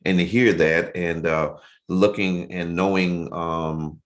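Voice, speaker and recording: A man's voice: low-pitched, steady tone, slow pace. A man hosting a casual interview over a video call, affirming and conversational with his guest. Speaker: show host.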